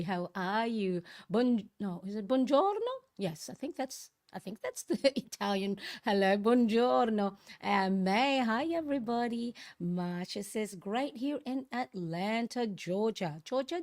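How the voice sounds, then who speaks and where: A woman hosting a casual planner live stream, chatty and laughing often, greeting viewers one by one, her voice a bit croaky in the morning. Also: medium pitch, a little mellow.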